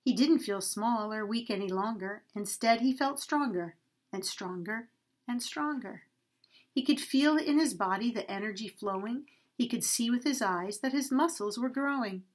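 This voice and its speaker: A woman reading a rhyming story aloud to children at a church, expressive and sing-song. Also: fairly high pitch, moderate pace.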